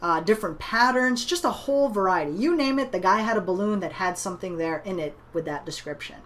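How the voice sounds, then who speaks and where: A woman's voice: mid-range voice, lively intonation, brisk, a bit bright. A woman telling a motivational story in a conversational way, often tagging her lines with "right?". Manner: conversational, many "you know" and "right?" tags. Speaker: online business trainer.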